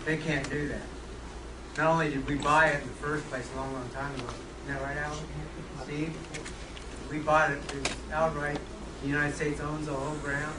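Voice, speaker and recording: A man's voice: fairly high pitch, level tone, moderate pace. Distant man speaking up from a crowd. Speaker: audience member. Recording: roomy, distant, noisy.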